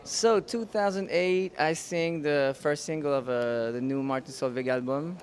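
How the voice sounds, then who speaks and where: A man in his thirties with a French accent and a voice pitched slightly high. He answers interview questions casually and in a friendly way, taking his time to find the right words in English. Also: unhurried. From France. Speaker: singer and pianist.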